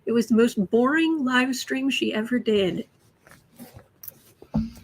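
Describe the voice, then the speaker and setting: Chatty husky-voiced woman streaming from home. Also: a little high, a little slow. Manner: chatty, soothing her cat in soft whispers between remarks. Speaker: astrology and tarot livestream host. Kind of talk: casual livestream chat. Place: home room.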